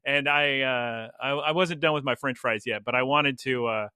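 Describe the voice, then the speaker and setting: Male podcast host, bright, forceful voice, animated storyteller, dry studio sound. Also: mid-range voice, normal speed, clean tone, dry recording. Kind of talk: casual podcast chat.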